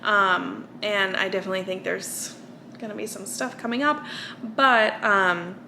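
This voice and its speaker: A young American woman talks to her vlog camera in a loose, rambling way, full of fillers and restarts. She is tired from little sleep, and her voice sits at an average pitch. Faint noise hums behind her. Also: measured pace, gravelly, pushed and bright. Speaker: vlogger. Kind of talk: casual chat.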